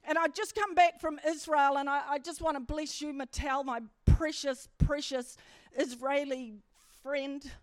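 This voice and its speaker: A woman preacher giving a church sermon, telling stories animatedly and building to emphatic high points. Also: fairly even intonation, a little slow, no room sound. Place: church service.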